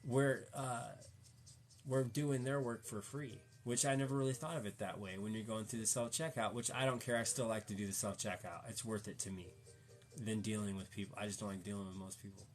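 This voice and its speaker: A man's voice: lowish voice, fairly even intonation, a little fast. A man in a casual, rambling chat, slangy and cussing, fired up and preachy as he talks to a viewer.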